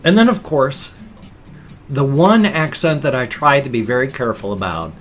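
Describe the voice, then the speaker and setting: A man's voice: mid-range voice, animated, moderate pace, faint music behind. A man in his fifties talking in a casual, rambling vlog, chatty and often breaking off mid-thought. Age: 50s. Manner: chatty, self-interrupting, musing. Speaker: vlogger.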